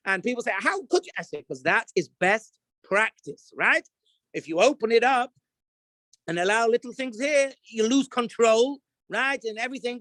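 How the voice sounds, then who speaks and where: Animated rabbi telling stories, dry sound. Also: male voice, very high-pitched, dry recording. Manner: animated storyteller, acts out scenes, jumps to shouts. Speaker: rabbi, kosher supervisor. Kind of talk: casual talk to camera.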